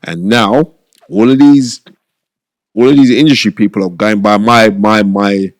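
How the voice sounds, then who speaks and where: A middle-aged man, telling stories in an interview, animated and slangy, repeating his phrases. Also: fairly low pitch, a little slow, no room sound, studio quality. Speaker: boxing pundit and former boxer. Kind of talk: casual storytelling interview.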